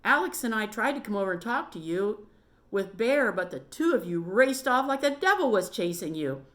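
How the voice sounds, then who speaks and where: A woman's voice: medium pitch, big pitch swings, moderate pace, pitched above the performer's own voice, natural voice. Woman doing an eager, chatty young boy.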